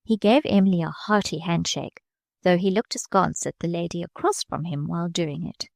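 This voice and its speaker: A woman narrating a classic novel as an audiobook, reading in a measured way and lifting her voice slightly for the characters' lines. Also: creaky, dry recording, studio quality. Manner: measured reading, small lifts of pitch for quoted characters.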